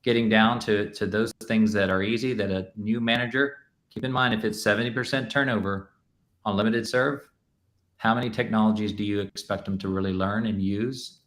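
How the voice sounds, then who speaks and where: A man's voice: on the low side, steady tone, fairly quick, fairly bright tone. A man speaking on an industry panel in a conversational way, peppered with filler words. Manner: conversational, frequent "you know" fillers. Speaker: panelist, restaurant tech executive. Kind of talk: panel discussion.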